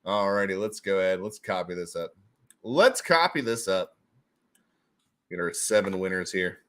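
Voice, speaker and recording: A man hosting a casual livestream and running giveaways, excitable and goofy, laughing often and slipping into silly voices. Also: low-pitched, moderate pace, pauses often.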